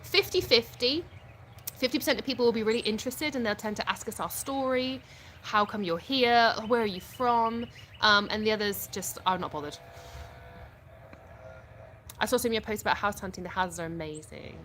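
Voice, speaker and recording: A woman's voice: medium pitch, normal speed, a bit bright, a little hiss or hum. Chatty British woman reading live comments. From United Kingdom. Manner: frank, chatty, laughs often, reads comments aloud and replies. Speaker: livestream host answering viewer comments. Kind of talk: casual live chat. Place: at home.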